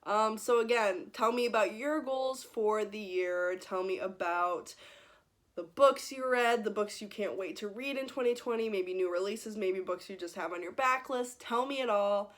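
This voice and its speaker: A young woman in her twenties talks straight to her viewers about books she loves, gushing, laughing and on the edge of tears. Her voice sits at a middle pitch, and her words tumble out in casual, emotional bursts. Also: normal speed. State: teary, close to crying. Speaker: book vlogger. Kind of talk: casual vlog chat.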